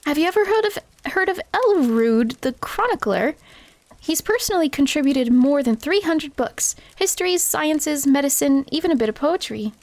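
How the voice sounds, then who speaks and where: A woman's voice: high-pitched, expressive, normal speed, a little mellow, no echo. A woman reading the lines of a polite, bookish young female scholar critter from a cozy game.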